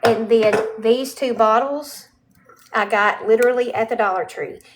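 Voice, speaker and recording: A woman's voice: on the high side, fairly even intonation, unhurried, heavy background noise. A woman giving a casual show-and-tell of her home furnishings, chatty and often checking in with the viewer. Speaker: home vlogger. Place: indoors at home.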